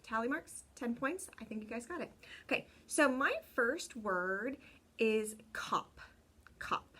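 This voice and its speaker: A young woman teaching a remote lesson to small children. She speaks slowly and clearly, repeating each word and cheering the class on. Her voice sits a little high. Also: lively intonation, a bit bright. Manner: encouraging, slow and clear, repeats words. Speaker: kindergarten teacher. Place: home room with a window.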